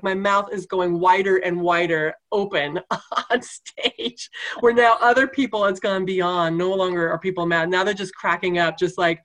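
A woman tells a story in an easygoing back-and-forth, breaking into laughter again and again. Her voice sits at a middle pitch for a woman, neither high nor low. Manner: animated, laughing often while telling the story. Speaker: guest telling a story. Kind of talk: casual anecdote in conversation.

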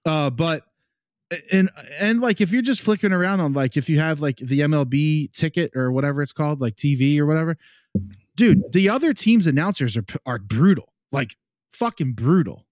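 Male podcast co-host, rambling profane game chatter, voice sits a bit high, dry room. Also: lively intonation, normal speed, darkish tone, dry recording. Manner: profane, rambling, full of fillers. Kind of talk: casual chat while watching a game.

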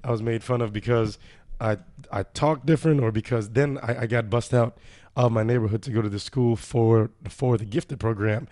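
A man's voice: medium pitch, fairly even intonation, normal speed, warm tone. Brief: male podcast guest, mid-range voice, emphatic storyteller. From Virgin Islands family background. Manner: emphatic and earnest, building points with rising stress. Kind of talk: casual podcast chat.

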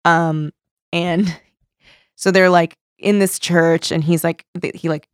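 Low-voiced woman telling a rambling story. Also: steady tone, slow, clean tone, no room sound, studio quality. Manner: rambling storyteller, swears freely, laughs often. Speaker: podcast co-host. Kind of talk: casual chat.

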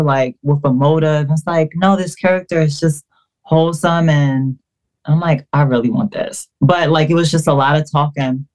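Animated woman telling stories as a guest. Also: deep voice. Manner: animated, acts out quoted dialogue, many fillers. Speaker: podcast guest. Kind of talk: casual storytelling interview.

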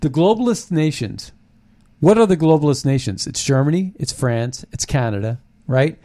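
Excitable male political show host. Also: fairly high pitch, moderate pace. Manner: excited, rambling, with restarts. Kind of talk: political commentary chat.

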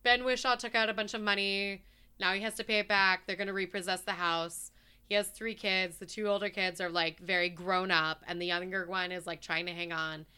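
A woman's voice: medium pitch, flat delivery, brisk, pushed and bright, smooth. A woman co-hosting a casual podcast, ranting animatedly about a film, swearing and laughing as she goes. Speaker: podcast co-host. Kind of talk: casual chat, ranting movie review.

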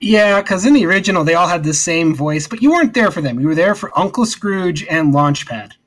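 A man chatting as a podcast co-host, his voice on the higher side. He sounds eager and nostalgic, often breaking off and restarting his sentences. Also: lively intonation, a bit bright. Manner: enthusiastic, nostalgic, halting restarts. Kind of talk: casual chat.

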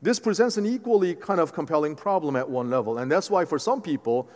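A man preaching a sermon as pastor, animated and conversational, often restarting his phrases. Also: fairly high pitch, quick pace. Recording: long hall reverb.

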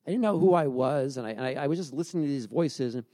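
A man's voice: medium pitch, lively intonation, fast, dark tone, dry recording, clean studio sound. A man in his forties giving a sermon in a casual, storytelling way, often restarting his sentences. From grew up by the beach. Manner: conversational, storytelling with many restarts. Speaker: pastor.

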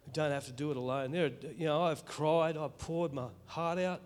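A middle-aged Australian man giving an earnest, emotional spoken testimony in church, halting and restarting as he speaks. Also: fairly high pitch, clear, resonant tone.

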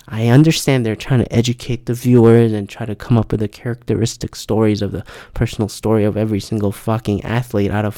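Gravelly, profane male podcast host. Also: on the low side, dark tone, no echo, clean studio sound. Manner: profane, exasperated, emphatic. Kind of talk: casual ranting monologue.

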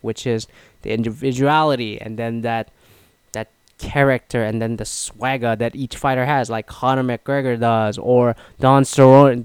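This is a man of medium pitch with a clean tone, recorded dry, talking casually through his opinions. His monologue meanders with plenty of "you know" fillers and restarts, and he livens up when repeating what others said.

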